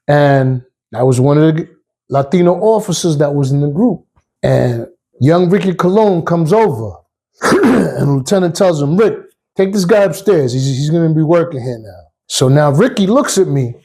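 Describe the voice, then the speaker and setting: A retired police officer, telling a story casually and acting out the voices. His voice is husky and dark in tone, and sits a little high for a man. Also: lively intonation, normal speed. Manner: streetwise, casual, acts out voices. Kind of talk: personal storytelling.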